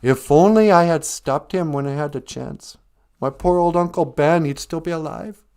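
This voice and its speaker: A man's voice: on the high side, moderate pace, a little mellow, clean tone, pitched above the performer's own voice, lightly acted. A man voicing a young teen boy hero in a live-streamed story, in a raised, emphatic storytelling voice. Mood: grieving.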